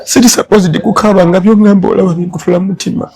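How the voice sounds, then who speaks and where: High-voiced, mellow man. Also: fairly even intonation, racing, breathy edge, rough recording. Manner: emotional, tearful pleading. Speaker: guest. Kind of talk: casual chat.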